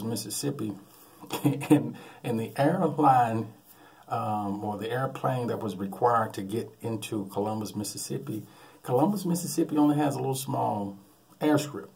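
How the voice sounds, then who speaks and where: A man preaching in a lively storytelling way, chuckling between his lines. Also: medium pitch, moderate pace, creaky. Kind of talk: sermon with a humorous anecdote.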